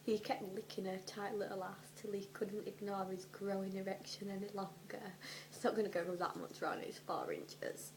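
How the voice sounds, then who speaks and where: A young woman doing a comedic dramatic reading, animated and sweary, often dropping into whispers for her asides. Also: mid-range voice, normal speed, noisy background. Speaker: vlogger.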